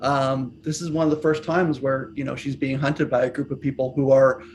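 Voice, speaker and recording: A man's voice: medium pitch, flat delivery, fairly quick, darkish tone, slight background noise. A man co-hosting a podcast, talking casually and laughing often. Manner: laughs often, hesitant restarts. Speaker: podcast co-host. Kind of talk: casual chat.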